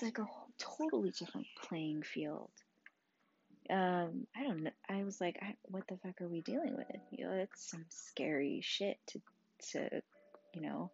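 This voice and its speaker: A tired young mother talking candidly and emotionally, swearing often, speaking quietly as her child sleeps beside her. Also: low-pitched, lo-fi sound. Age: young adult. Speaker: mother vlogging about her sick child. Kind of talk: casual personal vlog.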